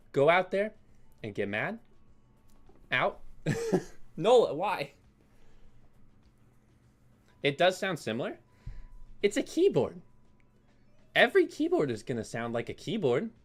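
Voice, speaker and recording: A man hosting a keyboard vlog, ranting in an exasperated, sarcastic way and apologizing between outbursts. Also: fairly high pitch. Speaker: keyboard video host.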